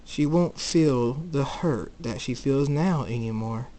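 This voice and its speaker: A young man voicing a scheming male villain who coaxes and tempts in a smooth, persuasive way. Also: medium pitch, takes it slowly, warm tone, natural voice, poor audio. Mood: coaxing.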